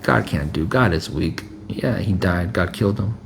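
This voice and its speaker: A man with a low, gravelly voice delivers a loose, conversational sermon. He alternates between reading scripture and plain talk, and keeps asking "right?" as he repeats himself for emphasis. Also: normal speed, a little hiss or hum. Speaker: preacher.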